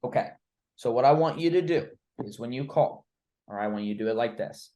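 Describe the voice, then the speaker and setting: A man's voice: medium pitch, a little fast, mellow. A man coaching a trainee through cold-call role-play, blunt and informal, with the odd swear word. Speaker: recruiting coach.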